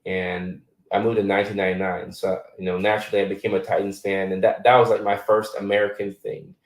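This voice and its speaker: A man's voice: fairly low pitch, flat delivery, fast, roomy sound, distant mic, poor audio. A man in his thirties, born in Ghana, hosting a casual live chat and answering viewer questions in a loose, filler-heavy way. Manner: loose and conversational, many fillers.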